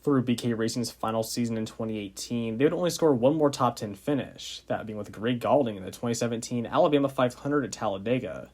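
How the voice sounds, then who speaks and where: A young man with a medium-pitched, slightly mellow voice narrates a racing recap for his YouTube racing channel. His scripted narration is brisk with few pauses, yet casual, with frequent "uh" fillers.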